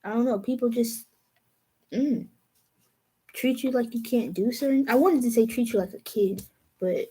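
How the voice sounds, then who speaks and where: Mellow-voiced young woman giving a tarot reading. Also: a little high, slightly rough, rough recording. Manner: slow, musing, trails off and restarts. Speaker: tarot reader.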